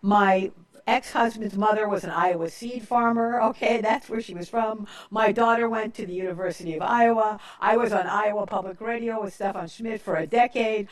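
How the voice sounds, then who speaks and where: Speaking at normal speed in a mid-range voice, this radio host sounds far from the microphone. She's an older woman running a political talk show who tells emphatic stories and keeps tacking on "okay?"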